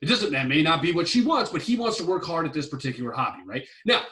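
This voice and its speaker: Male podcast host, high and animated, blunt and profane, a little off-mic. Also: quick pace, recorded from a distance. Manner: profane, emphatic, repetitive ranting. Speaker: podcast host giving relationship advice. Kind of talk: blunt advice-show rant.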